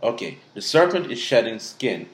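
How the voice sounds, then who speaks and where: A man from Africa gives a casual tarot reading to his viewers. His voice sits at a middle pitch and has a roomy echo. He talks bluntly, swears freely and scolds. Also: sing-song, moderate pace. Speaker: tarot reader. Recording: echoey room.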